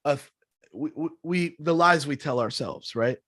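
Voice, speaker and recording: Energetic man coaching on sales. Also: fairly high pitch, measured pace, no echo, clean studio sound. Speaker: sales trainer guest. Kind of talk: casual podcast interview.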